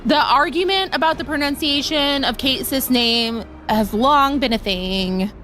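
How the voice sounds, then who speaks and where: A woman's voice: high voice, measured pace, pushed and bright, faint music behind. A young woman chatting playfully on a game live stream, laughing often and reacting to chat.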